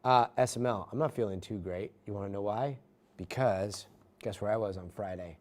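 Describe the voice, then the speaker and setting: A man's voice: on the low side, normal speed, darkish tone. A middle-aged man, a news anchor, chatting casually with livestream viewers from a studio, self-mocking and reading comments aloud.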